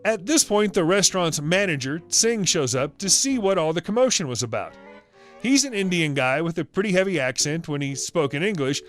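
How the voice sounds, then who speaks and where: Man narrating a story with lively pitch. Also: brisk, soft background music. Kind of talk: scripted narration.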